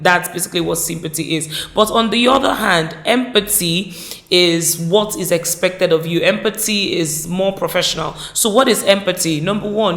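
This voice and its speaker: In an echoey room, a woman with a lowish, fairly bright voice teaches a caregiving course. Her style is informal and emphatic, and she often repeats key words and acts out short example dialogues.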